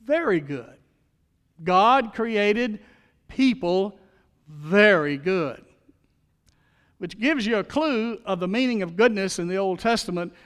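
A man's voice: sits high, lively intonation, slow pace, pauses often, fairly bright tone, clear, resonant tone, in a large hall. A man preaching a sermon as pastor, in a folksy, storytelling manner.

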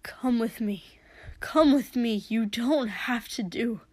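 A woman's voice: fairly high pitch, slow, a little mellow, no room sound. A woman voicing a desperate, earnest teenage boy who pleads urgently. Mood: pleading.

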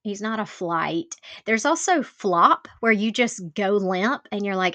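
A woman talks through her own podcast episode alone in a loose, conversational way, her voice sitting in a middle pitch. She is candid and self-deprecating. Her speech is dotted with casual "like" fillers. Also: animated, slow, few pauses, fairly bright tone, no echo. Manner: chatty, lots of "like" fillers. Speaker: podcast host. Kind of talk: casual solo podcast talk.

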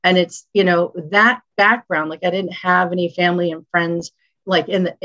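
A woman music executive, a guest on an interview show, telling animated stories and acting out what people said. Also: on the low side, normal speed. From northeastern United States. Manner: animated storyteller, acts out quotes. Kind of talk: casual interview chat. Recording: dull lo-fi audio.

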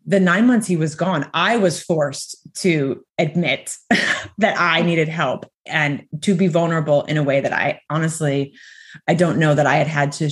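A woman in her thirties, co-hosting a podcast, telling personal stories in an animated way with frequent laughs. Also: deep voice. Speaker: podcast co-host. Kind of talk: casual podcast chat.

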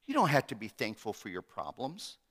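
Bright-voiced preacher in a reverberant hall. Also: male voice, mid-range voice, wildly swooping pitch, fairly quick. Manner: dramatic, swings between loud and hushed. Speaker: pastor. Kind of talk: sermon.

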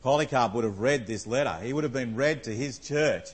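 A man delivers a conversational sermon, reading scripture aloud and putting questions to the congregation with plenty of fillers. His husky, mid-range voice moves a little fast, and the recording quality is low.

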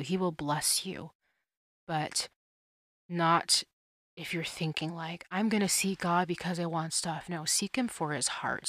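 Young female podcast host, earnest and chatty, lowish pitch, dry close mic. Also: a bit bright, dry recording. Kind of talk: solo faith podcast monologue.

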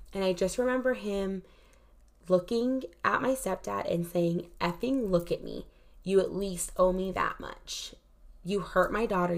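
A woman recounts a hard personal story in a casual, unscripted way, leaning on "like" as she talks. Her voice sits low and has a strong gravelly fry throughout. She sounds candid and emotional. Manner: frequent "like" fillers, candid and emotional.

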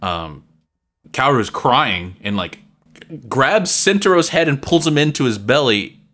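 Man co-host, bright voice, wildly varied pitch, agreeable chat. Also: sing-song, slow. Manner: agreeable, chimes in with short reactions. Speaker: podcast co-host. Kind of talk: casual chat.

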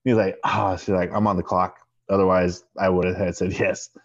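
A man's voice: low voice, little pitch movement, normal speed. A man co-hosting a podcast, telling a story in casual chat and acting out both sides of the dialogue. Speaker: podcast co-host. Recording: dull lo-fi sound.

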